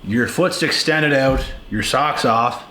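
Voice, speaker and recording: Slow and forceful, a young man's mid-range, bright voice carries a profane, emphatic rant aimed at the camera. The video creator repeats himself often, recorded in an echoey room with faint ambience and slight background noise.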